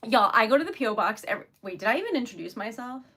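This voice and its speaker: A woman's voice: on the high side, lively intonation, very fast, fairly bright tone, breathy edge. A young woman hosting a casual livestream, chatty and giggly, often laughing and apologizing. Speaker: typewriter shop owner and stream host.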